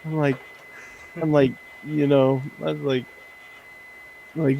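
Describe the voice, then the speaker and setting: A man's voice: on the high side, a little slow, vocal fry, long pauses, dark tone, slight background noise, rough recording. A man hosting a casual working stream, rambling with frequent laughs and restarts as he chats. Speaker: streamer host. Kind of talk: casual chat while working. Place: indoors at a work desk.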